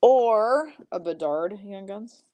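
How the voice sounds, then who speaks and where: A woman hosting a live-streamed trading card break, briskly calling out each pull and teasing her chat viewers. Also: medium pitch, expressive, dull audio.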